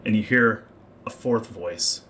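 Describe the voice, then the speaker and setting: Casting: low-voiced male game master, bright crisp tone, faint noise behind. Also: slow pace. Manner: describes scenes calmly, reads out overheard voices. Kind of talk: narrating a tabletop game.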